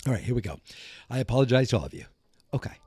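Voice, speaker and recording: A man with an American accent hosting a podcast in a calm, rambling casual chat, often correcting himself. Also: medium pitch, very fast, slightly rough, no echo, faint music behind. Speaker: podcast host.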